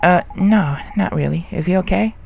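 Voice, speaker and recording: Earnest young boy, a man voicing him, polite, slightly raised pitch. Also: moderate pace, creaky, a little mellow.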